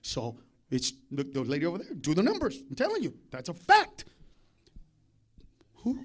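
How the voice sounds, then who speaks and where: Onstage at a comedy club, a man performs a profane, confrontational stand-up set, needling the crowd. His pitch swings hugely, he talks at a normal speed, and he veers from low muttering to shouting.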